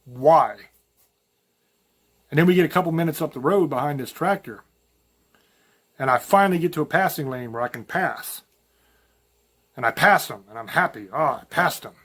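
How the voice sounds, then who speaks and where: Folksy man, higher-pitched voice. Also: expressive, fairly quick, long pauses, a bit bright. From rural Virginia mountains. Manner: folksy, rambling, storytelling with self-quoted asides. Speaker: podcast host. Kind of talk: casual spoken monologue.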